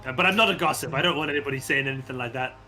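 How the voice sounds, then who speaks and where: A chatty, gossip-loving puzzle-maker, as a man puts him on in a tabletop role-play. He sounds gleeful and bright as he rattles on. Faint music sits in the background. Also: mid-range voice, racing. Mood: gloating. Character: gossipy male puzzle-maker, gloating over a rival.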